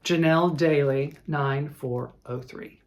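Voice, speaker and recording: Slow-talking chatty woman vlogger. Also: sits low, steady tone, a little mellow. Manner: chatty, emotional, halting with restarts. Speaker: flosstube host. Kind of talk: casual cross-stitch vlog chat.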